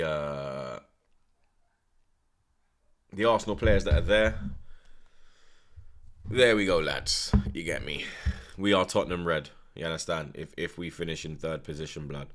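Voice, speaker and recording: A young man hosting a football watchalong, talking in street slang, swearing, and breaking into shouts when the action gets exciting. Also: low-pitched. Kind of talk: live match reaction commentary.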